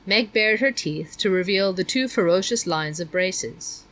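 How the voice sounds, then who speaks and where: A woman narrating a children's novel in a measured, even storytelling manner. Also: mid-range voice, poor audio. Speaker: audiobook narrator.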